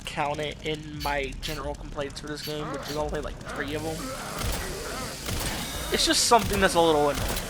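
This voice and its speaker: A Southern man with a brisk, somewhat high voice rambles casually through let's play commentary. He's a gaming YouTuber who swears and laughs freely.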